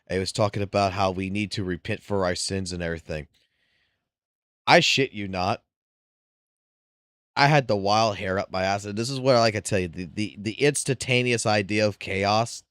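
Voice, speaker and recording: A man's voice: on the low side, normal speed, fairly bright tone, clear, resonant tone, no room sound, clean studio sound. A man and father streaming live, telling a long, profane, rambling story and laughing through it. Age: adult with wife and children.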